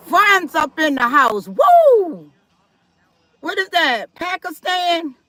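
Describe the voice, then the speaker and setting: A woman's voice: very high voice, lively intonation, takes it slowly, pushed and bright, no echo. A woman hosting a live stream, chatting casually with viewers and reading their comments aloud, firm about respect in her chat. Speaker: livestream host.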